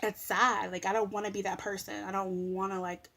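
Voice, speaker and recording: A woman's voice: medium pitch, level tone, a little fast, vocal fry, fairly bright tone. A woman vlogger in casual chat to camera, rambling with lots of filler words. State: sleepy.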